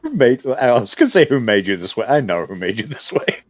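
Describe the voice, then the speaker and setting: Lively male jokester, mocking, dry lo-fi mic sound. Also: mid-range voice, fairly quick, dry recording. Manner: wisecracking, mocking. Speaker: podcast co-host. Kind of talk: casual podcast chat.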